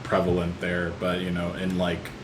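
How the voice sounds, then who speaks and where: A man in a casual film chat, speaking haltingly with many restarts and "like". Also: low-pitched, completely flat delivery, background noise. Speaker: podcast co-host. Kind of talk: casual movie review chat.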